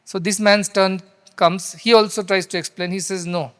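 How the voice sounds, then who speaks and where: A man's voice: high-pitched, flat delivery, normal speed, a bit bright, clear, resonant tone. Man preaching. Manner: earnest, rhetorical questions, Sanskrit recitation. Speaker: spiritual teacher. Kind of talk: storytelling sermon. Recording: long hall reverb.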